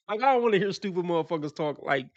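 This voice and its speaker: A man's voice: high voice, a little mellow, lo-fi sound. A man, hosting a casual commentary stream. He talks emphatically and profanely, and laughs at the lines he quotes mockingly. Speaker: channel host.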